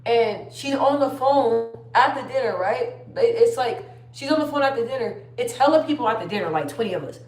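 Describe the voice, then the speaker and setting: A young woman talks casually on a livestream, telling a long story and reading viewer comments as they come in. Her voice sits a bit high. She sounds set back from the mic, and the room echoes around her. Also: expressive, fairly quick, hardly any pauses, darkish tone. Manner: chatty storytelling, reads viewer comments aloud. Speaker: livestream host. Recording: roomy sound, distant from the mic.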